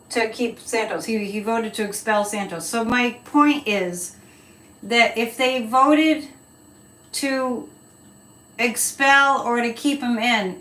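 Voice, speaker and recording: A woman's voice: fairly high pitch, a bit bright, far from the mic. A woman hosting a casual live stream, chatty and opinionated, rambling as she answers viewer comments. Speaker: psychic livestream host. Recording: echoey room, voice a bit off-mic.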